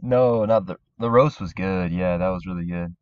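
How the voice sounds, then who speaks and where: A man with a somewhat low voice jokes around in casual podcast chat. His sound is dull and lo-fi, close and dry. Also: normal speed, a little mellow, no room sound. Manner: laid-back, joking, tries silly accents. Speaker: podcast co-host.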